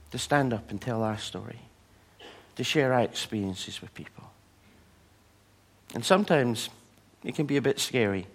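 A man's voice: mid-range voice, creaky, slightly rough. A man preaching a sermon, telling personal stories and acting out the people in them. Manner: storytelling, animated voices for quoted people. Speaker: pastor.

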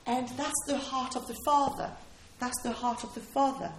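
A woman's voice: high voice, fairly even intonation, normal speed, noisy background. A woman preaching a sermon in an earnest, emphatic way, repeating her key phrases for weight. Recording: roomy hall echo.

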